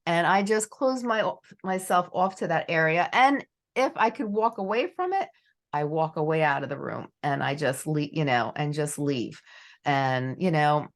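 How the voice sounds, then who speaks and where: Middle-aged woman hosting a chatty podcast, lowish voice, rambles with lots of you knows. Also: lively intonation, moderate pace. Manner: rambling, leans heavily on "you know". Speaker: podcast host. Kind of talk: casual interview chat.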